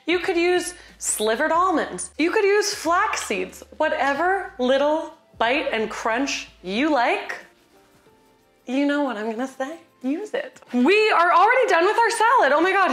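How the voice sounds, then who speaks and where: A woman with a high, bright-toned voice hosts a casual home cooking tutorial. She chats in a bubbly, playful way. The sound carries the echo of a reflective kitchen. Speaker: cooking video host.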